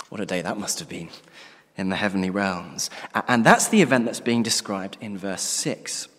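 Man, preacher, low voice, earnest sermon, hushed phrase endings, long hall reverb. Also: lively intonation, normal speed. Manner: earnest, emphatic, drops to a near-whisper at ends of phrases.

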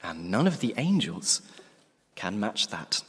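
Male preacher, low-pitched, earnest and emphatic, sermon delivery in a reverberant church hall. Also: big pitch swings, takes it slowly, fairly bright tone, breathy edge. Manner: earnest, emphatic, drops to a near-whisper at ends of phrases. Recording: long reverb of a large hall.

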